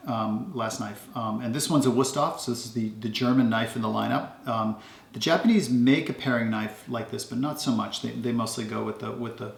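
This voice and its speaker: A man talks through his kitchen knives in a loose, rambling way, filling his pauses with ums. His voice is gravelly and sits at an ordinary pitch. The sound bounces around a roomy home kitchen. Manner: relaxed, rambling, many ums. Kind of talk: casual show-and-tell.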